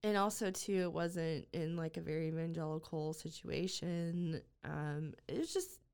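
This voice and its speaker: A woman guest on a podcast telling a personal story in an earnest, halting way, with many fillers and restarts. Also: sits low, steady tone, creaky, darkish tone, clear, resonant tone.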